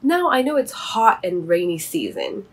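Woman reader playing a gentle old teacher owl; patient, measured, soft and breathy. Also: mid-range voice, big pitch swings. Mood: explaining.

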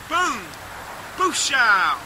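A man with an unusually high voice rants bitterly into his camera, swearing hard and breaking into shouts. He is outdoors, and loud traffic noise runs behind him the whole time. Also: very animated, drawn-out words. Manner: bitter, profane, shouting in bursts. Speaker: vlogger. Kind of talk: angry ranting monologue to camera. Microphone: handheld camera.

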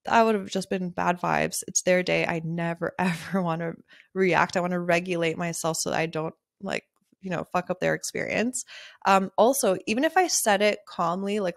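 A woman's voice: medium pitch, gravelly, dry recording, studio quality. A young adult woman hosting her own photography podcast, talking in a candid, chatty way, laughing often and swearing casually. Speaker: podcast host, wedding photographer. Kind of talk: casual solo podcast monologue.

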